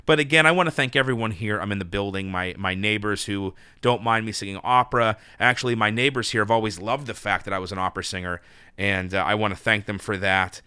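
In his thirties, a podcast host sits in his New York apartment giving a solo thank-you monologue, nervous and flustered, emotional and rambling with many restarts. His voice is on the low side, quick, pushed and bright, with a clean tone in clean, echo-free studio sound.

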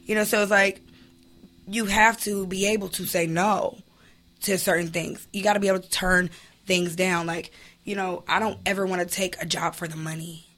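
Woman, interview guest, bright clear tone, emphatic, candid, quick to laugh. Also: on the low side, steady tone. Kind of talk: casual interview storytelling.

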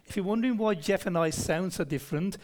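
A man's voice: high-pitched, quick pace, a little mellow. A man preaching a Bible-study sermon in a conversational style, often putting questions to the congregation. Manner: conversational, asks the congregation questions, frequent restarts.

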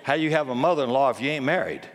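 Forceful preacher in a reverberant hall. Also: male voice, mid-range voice, animated, rapid-fire. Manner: forceful, blunt preaching with jokes and sudden commands. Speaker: pastor. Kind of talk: sermon.

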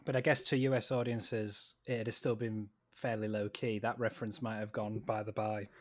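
A man's voice: on the low side, level tone, normal speed. A young man with a Sheffield Yorkshire accent co-hosting a casual podcast chat, telling stories and laughing often. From Sheffield, England. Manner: chatty, laughs while telling anecdotes. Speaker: podcast co-host. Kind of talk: casual chat about a TV show.

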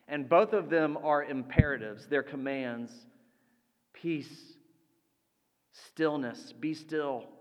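A man preaching a sermon as pastor, slow and deliberate, letting his voice drop soft for quoted lines. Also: a little high. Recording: long reverb of a large hall.

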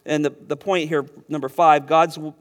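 A man preaching a sermon, animated and chuckling now and then as he repeats words and teaches through a passage. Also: on the high side, normal speed. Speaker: pastor.

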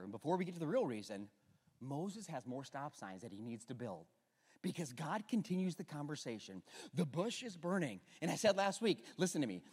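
A middle-aged male pastor preaching in a church, with a high, lively voice that leaps around his register. He jokes with the congregation and swings from loud bursts to near-hushed asides. His voice rings out with a long echo through the large hall. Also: husky. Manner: animated, joking, swings between loud and hushed. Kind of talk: sermon.

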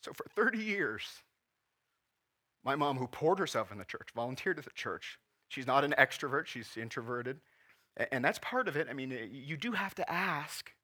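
A pastor in his forties preaches in church with a bright, forceful voice. He talks earnestly and with feeling, holding back tears at times. His pitch sits in the middle for a man. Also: big pitch swings, moderate pace. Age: 40s. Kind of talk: sermon.

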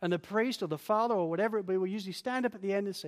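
A man preaching a sermon as a pastor, earnest and pleading, sinking to a hush on key lines. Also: sits high, racing, few pauses. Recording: long church reverb.

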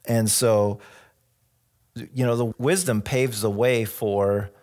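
A middle-aged man preaching a sermon as a pastor, telling light stories with soft laughs. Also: fairly low pitch, slow pace. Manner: relaxed storytelling with jokes and soft laughs. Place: church.

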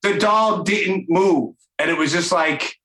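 A man hosting a podcast, talking in a casual, enthusiastic ramble full of swearing. His voice sits a little high for a man. The sound is roomy and echoey. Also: slow pace, sharp tone. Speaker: podcast host. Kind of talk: casual interview chat.

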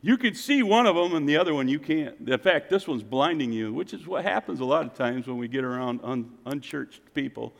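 A male pastor delivering a sermon with a fairly high voice. He preaches dynamically, rising to loud cries and then dropping to hushed intensity. The sound rings with the long reverb of a church hall. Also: expressive, a little fast, creaky, hardly any pauses.

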